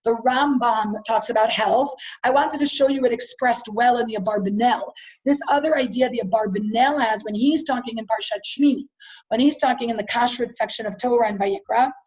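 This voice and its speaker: A woman teaching a text class with a high, light voice. She reads passages aloud, then explains them in a lively way. She keeps turning to her students with questions. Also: brisk.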